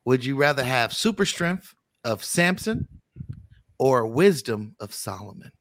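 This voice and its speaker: A man hosting a casual chat show, reading out this-or-that questions in a relaxed way. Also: mid-range voice, measured pace, dry recording. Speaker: host.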